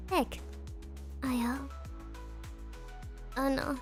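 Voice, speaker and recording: High-voiced woman streamer, faint music. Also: unhurried. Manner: bouncy and playful, sprinkles Japanese words. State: sniffly after crying. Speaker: VTuber streamer. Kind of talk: casual livestream chat, reading donations.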